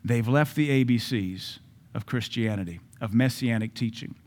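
A male pastor delivers a sermon at a church service with an emphatic, driving delivery. He hammers his points home by repeating key words and phrases. His voice sits at an ordinary middle pitch for a man. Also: moderate pace, darkish tone.

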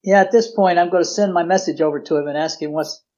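A man's voice: high-pitched, quick pace, darkish tone. A man playing a tabletop game, asking questions in an earnest way. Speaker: player. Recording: muffled lo-fi mic.

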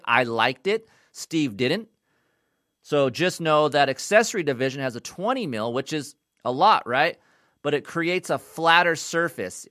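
Blunt, sweary man with a bright voice. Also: mid-range voice, no room sound, clean studio sound. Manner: blunt, profane, rambling. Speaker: motocross bike tester. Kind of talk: casual bike review talk.

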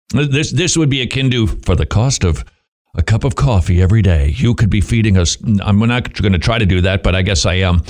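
A man delivers devotional commentary at a middle pitch, his voice rising and falling with lively swings. He breaks up his points with wry, self-mocking asides. He presses listeners with pointed rhetorical questions.

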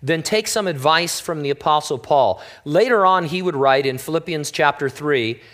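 A male pastor with a voice a little above the usual pitch for a man, preaching in an easygoing, conversational way. He slips wry, joking asides in among his encouragements to the congregation. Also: normal speed, fairly bright tone. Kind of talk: conversational sermon.

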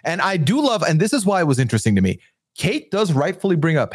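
A man co-hosting a podcast chats casually and playfully about a reality show episode, animated and excitable throughout. His voice is on the high side and husky, and he talks fast; the audio is clean studio sound with no echo.

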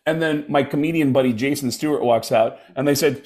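A man's voice: medium pitch, a little fast. A middle-aged man, a stand-up comedian, telling stories in casual chat and acting out the voices of the people in them. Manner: animated, acts out voices in stories.

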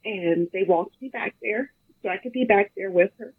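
A woman, a bereaved mother, telling the story of her daughter's death haltingly as a guest in an interview. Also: mid-range voice, husky, no room sound. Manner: halting, emotional, quotes others often. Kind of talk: emotional personal account. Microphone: phone. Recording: tinny phone line.

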